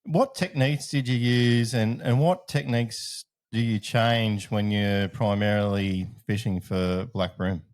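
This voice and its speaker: Aussie guy co-hosting, lowish voice, chill questions. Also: unhurried, hardly any pauses, darkish tone. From Australia. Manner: easygoing, asks questions, laughs along. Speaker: podcast co-host. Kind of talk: casual interview chat.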